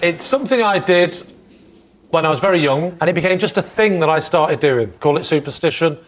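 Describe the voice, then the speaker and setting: A man telling comic stories as a team captain on a panel show, deadpan and quick-witted. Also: a little high. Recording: studio audience laughter and noise.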